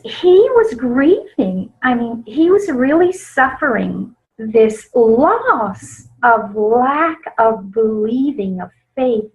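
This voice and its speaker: Slow, gentle woman teaching. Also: fairly high pitch. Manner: slow, gentle, soft-spoken, with frequent small laughs. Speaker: grief educator presenting a webinar. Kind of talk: teaching webinar talk. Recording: slightly dull lo-fi webinar audio.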